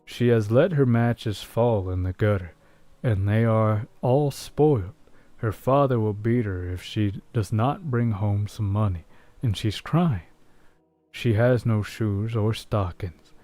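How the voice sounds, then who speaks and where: A man voicing a gentle, kind male statue prince in a soft, measured, solemn way. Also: on the low side, dry recording.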